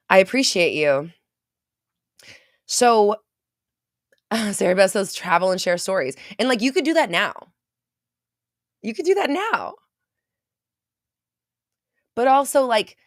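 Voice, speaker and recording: Taking it slowly and pausing often, a woman with a mid-range voice hosts a casual livestream as a manifestation coach. The sound is clean studio audio with no room tone, and she's chatty and animated, laughing a lot, reading viewer comments, and using many fillers and some swearing.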